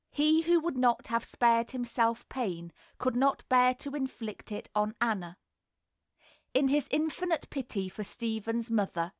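A woman reading a novel aloud in a measured, even storytelling manner. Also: fairly high pitch, dry recording, studio quality. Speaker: audiobook reader. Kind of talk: scripted narration.

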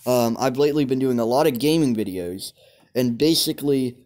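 A man's voice: mid-range voice, a little fast, a little mellow. A young man hosts his own gaming video, commenting casually as he plays. He rambles and restarts often, sprinkling ums between thoughts, in a plain mid-range voice. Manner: chatty, rambling, many ums. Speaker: gaming channel host.

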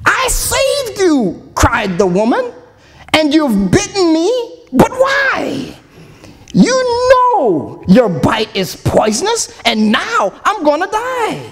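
A man's voice: very high voice, very animated, slow pace, long reverb tail, slight background noise, voice pushed up, exaggerated voice. A man voicing a tender-hearted woman in a recited song, crying out in a raised voice. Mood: alarmed. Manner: raised, cried-out voice. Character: tender-hearted woman, kindly then frightened.

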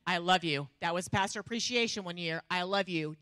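A woman's voice: lowish voice, a little fast, no room sound, clean studio sound. A woman preaching a humorous sermon, telling stories animatedly and laughing often. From Texas. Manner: animated, self-mocking storytelling with frequent laughter.

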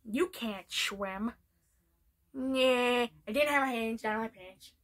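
A woman's voice: a little high, slow, a bit bright. A woman doing an impression of a dopey, oafish cartoon dad with a lazy, goofy drawl.

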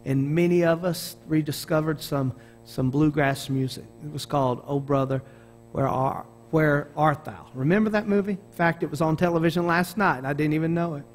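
A middle-aged man from Arkansas with a Southern American accent, preaching a sermon as a pastor in an animated storytelling manner with frequent restarts. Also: on the high side, moderate pace, a little hiss or hum.

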